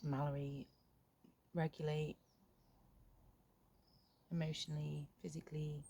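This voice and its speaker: A middle-aged woman talking frankly in a reflective vlog, halting and swearing casually, recorded outdoors in a garden. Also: low-pitched, little pitch movement, creaky, mellow. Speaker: vlogger.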